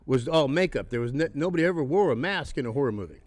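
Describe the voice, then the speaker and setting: A man's voice: a little high, lively intonation, fast talker, a little mellow, dry recording. A man in his sixties, a podcast guest, telling casual stories, swearing freely and laughing as he goes. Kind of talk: casual storytelling. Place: haunted attraction venue.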